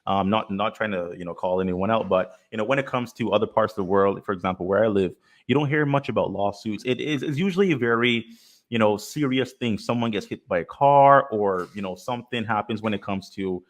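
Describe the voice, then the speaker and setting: A man's voice: fairly low pitch, a little fast. A man moderating a live crypto panel, who talks in a conversational way and steers the discussion to new topics.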